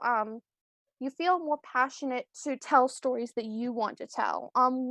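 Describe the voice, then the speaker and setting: Young woman on a video call, kinda high voice, umming and restarting a lot, roasting herself. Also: no room sound. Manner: rambling, self-deprecating, many ums and restarts. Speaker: screenwriter guest. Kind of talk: casual live-stream interview.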